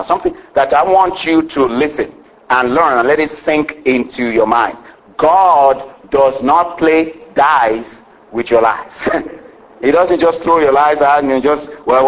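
A man preaching a sermon to a congregation, calling for amens and rising to excited shouts. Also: on the high side, low-quality recording. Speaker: pastor.

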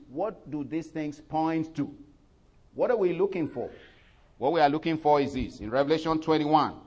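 A man preaches a sermon, his voice rising loud and high as he reads scripture and softening for his asides. He uses frequent fillers and corrects himself often.

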